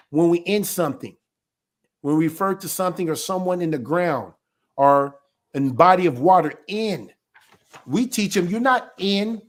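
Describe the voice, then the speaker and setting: High-voiced man teaching emphatically. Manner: emphatic, poses rhetorical questions then answers them. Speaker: ministry elder. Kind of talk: informal teaching to viewers.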